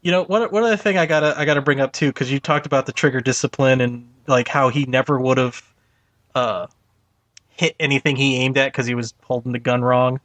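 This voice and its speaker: A man co-hosting a podcast, chatting casually about movies, with frequent laughs and halting restarts. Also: medium pitch, steady tone, a bit bright, dry recording. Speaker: podcast co-host. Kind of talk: casual movie review chat.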